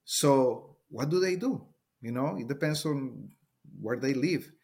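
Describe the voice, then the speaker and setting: A man's voice: medium pitch, expressive, a little slow, gravelly, a little mellow, husky. A middle-aged man from Colombia, a Spanish speaker with a Colombian accent, talking earnestly as a teacher in an interview and often repeating words as he searches for them. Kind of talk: interview conversation.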